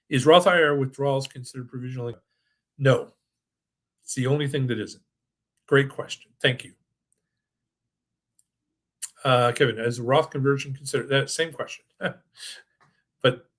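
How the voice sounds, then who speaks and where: An older man hosting a financial webinar, giving an enthusiastic sales pitch full of restarts and then answering audience questions. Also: steady tone, normal speed, long pauses, fairly bright tone. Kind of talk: presentation and live Q&A.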